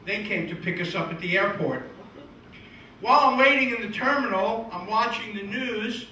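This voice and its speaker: A middle-aged man tells deadpan jokes in a high, sharply bright voice. He slips into his old relatives' voices as the punchlines come. He is picked up from a distance in an echoey room with a faint hiss. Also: moderate pace. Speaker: comedian and magician. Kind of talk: stand-up comedy and magic routine. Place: live show venue.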